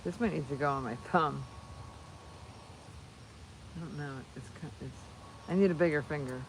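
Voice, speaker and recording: A woman hosting a casual livestream on her phone while crafting, rambling and excitable, often breaking off mid-sentence. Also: low voice, moderate pace, slight background noise, low-quality recording. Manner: rambling, excitable, self-interrupting. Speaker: channel host.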